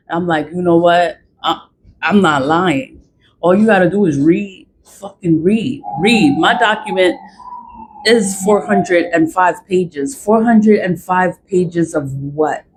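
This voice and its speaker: A woman's voice: on the low side, a little mellow, slight background noise, rough recording. A woman ranting in a vlog, profane, exasperated and repetitive. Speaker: vlogger.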